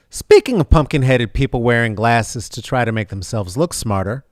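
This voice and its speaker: A man's voice: mid-range voice, no echo, studio quality. A man hosting a sarcastic, rambling comedic news commentary with many fillers. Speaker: vlog host.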